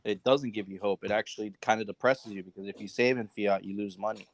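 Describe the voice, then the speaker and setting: A man's voice: on the low side, fairly even intonation, fast talker, poor audio. A man from the United States talking casually as a podcast host, loose and conversational, with many fillers and restarts.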